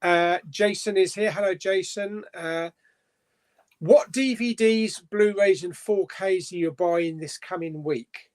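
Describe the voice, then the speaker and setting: Guy hosting a live stream, high voice, rambly and chatty, lots of ums. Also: slow. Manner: chatty, rambling with fillers and restarts. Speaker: host. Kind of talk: casual live-stream chat.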